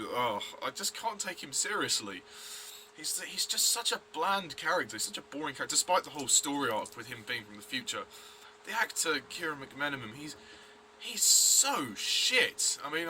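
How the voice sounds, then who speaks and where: A man's voice: medium pitch, sharp tone, a little hiss or hum. A man giving a blunt, rambling review of a TV episode, full of fillers and restarts. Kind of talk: casual review vlog.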